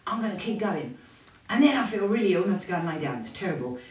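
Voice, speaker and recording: A woman's voice: medium pitch, fast talker. Chatty woman in her fifties. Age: 50s. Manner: chatty, candid and animated. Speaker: fitness instructor. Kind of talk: casual talk to camera. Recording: roomy, voice from a distance.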